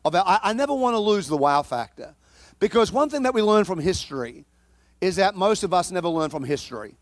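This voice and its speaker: A man with a high voice preaches a sermon, spinning a personal story with comic timing and plenty of repeated words and restarts. His voice sounds dry and close, with no room echo. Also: a little fast. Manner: animated, comic storytelling with frequent repetitions and restarts. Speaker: pastor.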